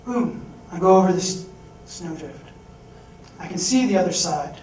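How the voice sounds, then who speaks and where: Man, high voice, animated storyteller, echoey hall, faint rumble behind. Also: measured pace, far from the mic. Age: adult. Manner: animated, acting out quoted voices. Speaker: speaker. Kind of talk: storytelling talk. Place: large hall.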